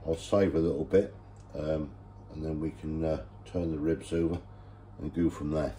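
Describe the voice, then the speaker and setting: A man presenting a casual home cooking video, relaxed and enthusiastic about the food. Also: rumbling low, normal speed, slight background noise.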